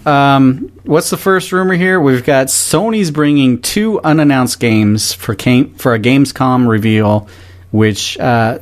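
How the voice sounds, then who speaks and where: Male podcast co-host, mid-pitched, reads news items with casual asides.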